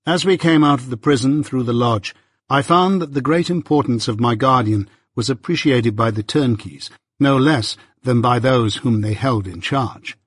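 A man reading an audiobook in a measured, unhurried way. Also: medium pitch, husky, no room sound. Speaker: audiobook narrator. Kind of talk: scripted narration. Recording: dry close audiobook recording.

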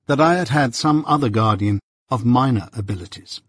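Husky man narrating an audiobook. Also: mid-range voice, brisk, no echo. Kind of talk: scripted narration. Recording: dry close audiobook recording.

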